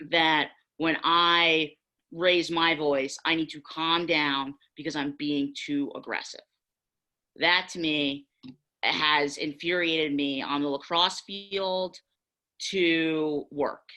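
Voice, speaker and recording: Animated young woman telling stories, bright voice. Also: low-pitched, poor audio. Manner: candid, animated storytelling with acted quotes. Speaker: panelist. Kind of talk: panel discussion.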